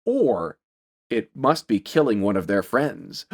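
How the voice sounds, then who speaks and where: A man's voice: on the low side, sing-song, takes it slowly, creaky. A man co-hosting a podcast, recapping a film's plot in casual chat and slipping into silly voices for the quotes. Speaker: podcast co-host recapping a film.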